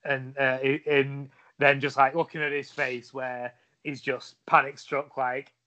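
A man's voice: mid-range voice, level tone, measured pace, pushed and bright. A man, a wrestler guest on a podcast, telling a long story with lots of fillers and restarts. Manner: rambling anecdotes with many fillers and restarts. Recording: dull lo-fi audio.

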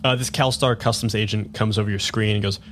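A man's voice: lowish voice, steady tone, quick pace, background noise. A man acting as game master, narrating a sci-fi tabletop game in a loose, filler-heavy way with frequent laughs.

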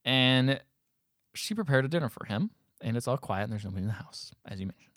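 A man's voice: mid-range voice, expressive, fast talker, fairly bright tone, dry recording. Young male podcast host, loose rambling recap, dry close sound. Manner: rambling, acts out quoted lines, laughs often. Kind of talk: casual film recap chat.

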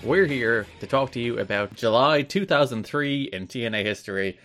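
A man's voice: medium pitch, moderate pace, a bit bright, faint music behind. A young man hosting a podcast in casual chat, dry and teasing. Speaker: podcast host.

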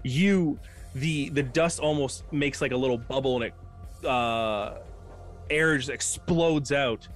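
A man running a tabletop game, his pitch sitting squarely in the middle for a man. He narrates combat in a relaxed, rambling way, stopping to count dice aloud. Soft music plays faintly in the background. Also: takes it slowly. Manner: casual, loose narration full of fillers and restarts, counts dice aloud. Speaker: game master.

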